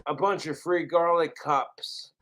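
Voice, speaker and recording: A man's voice: on the high side, steady tone, slow pace, noisy background. A man on a livestream, ranting sarcastically and with heavy swearing at his viewers.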